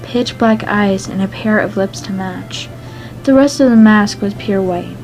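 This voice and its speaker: A woman's voice: mid-range voice, a little slow, a little mellow, faint music behind, rough recording. A woman reading a fan fiction story aloud in a plain voice, stumbling over the odd word.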